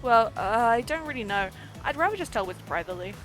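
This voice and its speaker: A woman's voice: a little high, lively intonation, quick pace, a bit bright, faint music behind. A woman voicing a hesitant, unsure male killer in a dating game.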